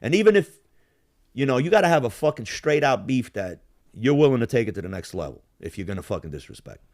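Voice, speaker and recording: Man host, swearing storyteller, lively delivery, casual podcast chat. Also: medium pitch, fast talker. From Yugoslav family roots. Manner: profane, animated storyteller acting out bar scenes.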